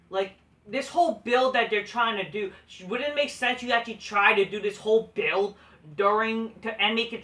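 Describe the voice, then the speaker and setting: A man's voice: high-pitched, pushed and bright, distant mic. A man hosting a wrestling review vlog, ranting with heavy profanity and frequent restarts. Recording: echoey room, voice off-mic.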